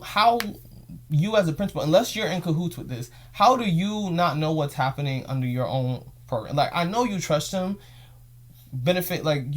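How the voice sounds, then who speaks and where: This podcast host is a young man with a husky voice that sits on the high side. He rambles through an emotional story, circling back to the same phrases, in the manner of a casual storytelling vlog.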